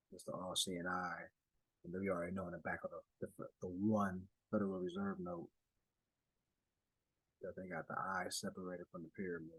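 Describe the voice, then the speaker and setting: A man's voice: sits low, gravelly, slightly rough, no room sound, rough recording. A man presenting a document to a study group in a casual, conversational way, with asides, restarts and direct address. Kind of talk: casual explanatory talk over slides.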